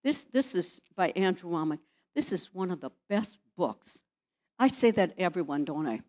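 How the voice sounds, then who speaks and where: A woman's voice: fairly low pitch, moderate pace. Woman pastor preaching to her church. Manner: animated preaching with rhetorical questions to the congregation. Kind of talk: sermon.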